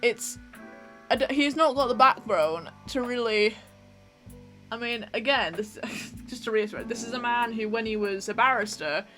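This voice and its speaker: A woman's voice: on the high side, moderate pace, sharp tone, soft background music. A young woman hosting a vlog, chatting in an opinionated way and laughing often while she does her makeup. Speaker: vlog host. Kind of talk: casual chat while doing makeup.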